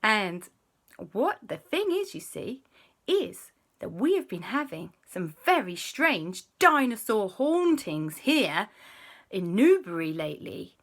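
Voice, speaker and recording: A woman voicing an excitable female scientist with an Australian accent and a high, gushing way of talking. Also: slow pace, exaggerated voice. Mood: conspiratorial.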